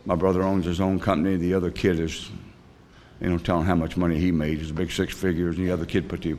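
At a recovery meeting, an older man with a lowish, darkish voice gives personal testimony, rambling earnestly and confessing plainly. His grammar is folksy, his pitch barely moves, and frequent pauses filled with "uh" break up his storytelling. There's a little hiss or hum in the recording.

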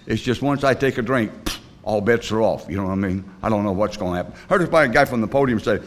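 An older man sharing his recovery story before a group, his voice sitting on the low side. He rambles earnestly and confesses plainly, with folksy grammar and a lot of "uh" between thoughts. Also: animated. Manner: rambling, plain-spoken storytelling with frequent pauses. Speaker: speaker at a recovery meeting. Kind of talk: personal testimony talk.

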